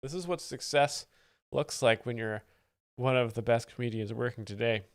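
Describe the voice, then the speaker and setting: A man hosting a stream, explaining jokes in a deadpan, faux-earnest expert manner. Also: mid-range voice, normal speed. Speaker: host, joke explainer. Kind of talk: mock-expert comedic commentary.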